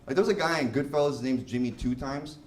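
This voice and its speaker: A young man does a stand-up comedy set at a live comedy venue, casual and profane, laughing through his bits. His medium-pitched voice is a little mellow and quick. The recording is roomy, with live venue noise.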